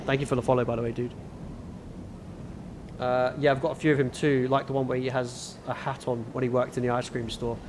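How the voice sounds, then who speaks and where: A man's voice: medium pitch, flat delivery, a little fast, background noise. A man with a northern English accent, chatting casually with viewers while gaming on a livestream in a laid-back, rambling way. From northern England.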